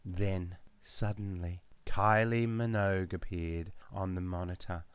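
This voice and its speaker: Man, author-narrator, measured dramatic delivery, low register. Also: fairly even intonation, clear, resonant tone, no echo. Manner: slow, measured, darkly dramatic reading. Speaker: author reading his memoir. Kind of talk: audiobook narration.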